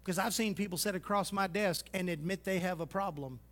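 A man preaching a sermon, folksy and teasing, swinging from loud exhortation to hushed asides. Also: sits high, brisk. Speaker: pastor.

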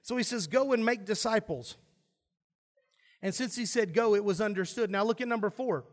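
A man's voice: high voice, moderate pace. A pastor preaching a sermon to his church, emphatic, asking the congregation questions and answering them himself.

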